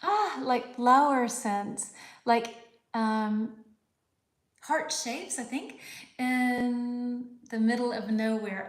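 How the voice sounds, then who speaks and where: A woman's voice: fairly high pitch, takes it slowly. Chatty woman teacher in an echoey room. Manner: chatty, thinking aloud, frequent fillers and laughs. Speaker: English teacher hosting a live lesson. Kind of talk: casual live-stream chat reading viewer comments.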